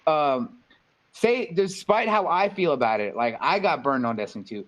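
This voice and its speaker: A man on a casual gaming podcast giving his take in a measured, hesitant way with plenty of ums. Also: a little high, expressive, fairly bright tone, muffled recording.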